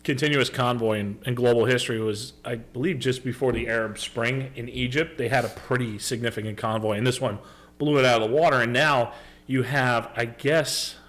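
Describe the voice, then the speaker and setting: A man co-hosting a podcast, chatting casually in a mocking, animated way. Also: mid-range voice, fairly quick. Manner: mocking, animated, laughs often. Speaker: podcast co-host. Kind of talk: casual political chat.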